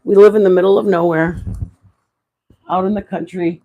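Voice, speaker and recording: A woman's voice: on the low side, fairly even intonation, moderate pace, narrow, tinny audio. A woman hosting a live stream, chatting frankly and animatedly with her viewers. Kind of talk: casual chat to viewers.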